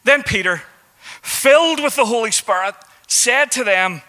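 With a high voice that is sharply bright and expressive, a male preacher delivers his sermon. Conversational at first, he stops to hunt for words before building into emphatic exhortations.

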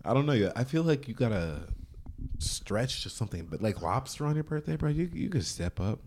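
A man's voice: medium pitch, sing-song, moderate pace, darkish tone, slight background noise. A man joining a casual podcast chat, laid-back and slangy, getting emphatic about his opinions.

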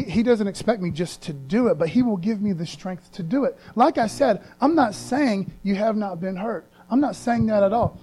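A man's voice: high voice, warm tone. A man preaching a sermon as pastor in a casual, earnest way, using slang and repeating phrases for emphasis.

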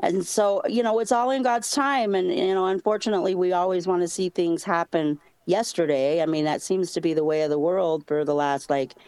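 Slow, devout middle-aged woman caller. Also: fairly low pitch, a little mellow, no room sound. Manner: devout, chatty, slow and drawn out. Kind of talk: casual phone-in chat.

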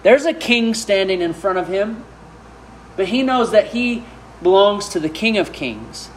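Middle-aged pastor, higher voice, unhurried and emphatic, faint room hum behind. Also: male voice, expressive. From Arkansas. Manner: emphatic preaching with rhetorical questions. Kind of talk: sermon.

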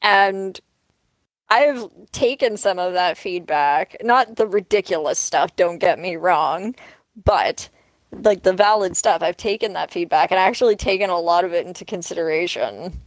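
A woman co-hosting a podcast from home over an online call, talking slowly and unhurriedly in loose, crude banter. Her voice is dry and close, with no room sound around it. She laughs easily between remarks. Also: fairly low pitch, dry recording, poor audio. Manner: crude, joking, laughs often. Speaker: podcast co-host. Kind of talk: casual chat.

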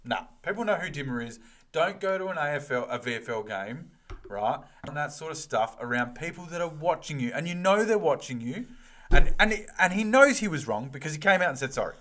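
An Australian man co-hosting a casual podcast chat, firm and measured as he pushes back. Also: on the high side, expressive, sharp tone. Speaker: podcast co-host.

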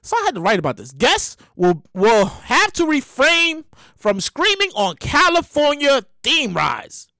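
A woman's voice: sits high, huge pitch swings, a little slow, pushed and bright, no echo, studio quality. A woman hosting a podcast in casual comedic commentary, exclaiming and repeating herself. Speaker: podcast host.

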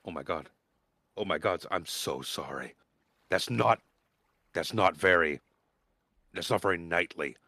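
A man's voice: low voice, unhurried, vocal fry, long pauses, bright, forceful tone, no room sound, clean studio sound, heavily acted. A man voicing an overeager, cheerful young male knight who gushes and fumbles. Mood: flustered. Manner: giddy, gushing, frantic.

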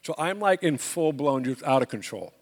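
A man preaching as a pastor, telling a personal story and acting out the dialogue with lively energy. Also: a little high, normal speed, big-room sound. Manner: animated storyteller, acts out dialogue. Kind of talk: storytelling sermon.

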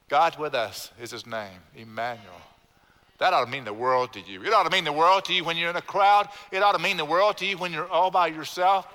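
A man with a fairly high, sharp voice preaches in a church sanctuary, hammering his points through repetition and having the congregation echo his lines. A long church-hall reverb surrounds him.

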